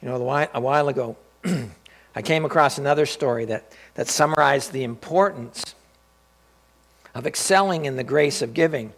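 A man's voice: medium pitch, moderate pace. A male pastor preaching a sermon in a storytelling way, often repeating and restarting his phrases. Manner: storytelling, with frequent restarts and repetition.

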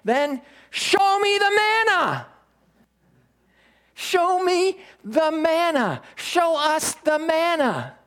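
Skeptical demanding crowd voice, pitched high, done by a preacher. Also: male voice, big pitch swings, extremely slow, a bit bright, exaggerated voice. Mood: challenging.

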